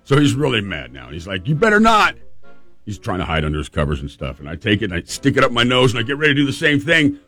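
Man, radio talk show host, playful storytelling, very expressive pitch, faint background music. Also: very fast, few pauses. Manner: lively, playful storyteller who acts out moments. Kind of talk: animated personal storytelling.

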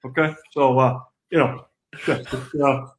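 A man doing an impression of a gruff older male football head coach, speaking in clipped folksy phrases and repeating fillers. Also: mid-range voice, level tone, slow, close to an everyday voice, rough recording.

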